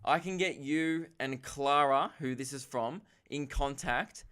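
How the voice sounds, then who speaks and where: A young Australian man hosts a casual comedy podcast and rambles through listener questions. He mocks himself and throws in quick asides. His voice sounds smooth and clear. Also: mid-range voice, a bit bright. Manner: rambling, self-mocking, quick asides and laughs.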